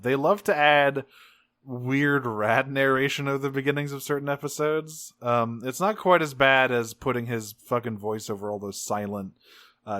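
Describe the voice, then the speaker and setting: A man co-hosting a podcast, recapping an episode in a rambling, profane, animated way. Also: mid-range voice, no room sound. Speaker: podcast co-host. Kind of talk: casual episode recap chat.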